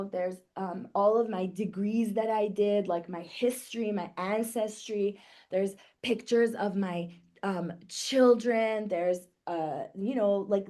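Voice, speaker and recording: Speaking from her home office on a video call, a middle-aged woman leads a live somatic wellness webinar. Her mid-range voice has a darkish tone, and she chats conversationally, acting out everyday scenarios with quick vocal reactions.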